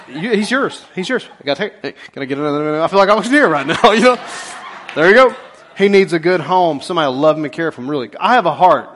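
A man's voice: high voice, a little hiss or hum. A man preaching a casual, storytelling sermon, joking and talking straight to the congregation. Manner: folksy, joking, animated asides to the congregation. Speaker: pastor. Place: church sanctuary.

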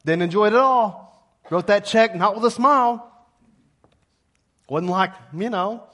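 A middle-aged man preaching a sermon as pastor, lively and calling on the congregation to answer back. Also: sits high, moderate pace, long pauses. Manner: lively, calls congregation to respond.

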